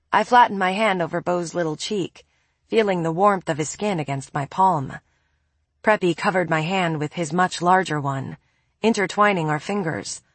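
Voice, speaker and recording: A woman narrating a first-person audiobook in a soft, intimate, measured manner. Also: fairly low pitch, slightly rough, dry recording.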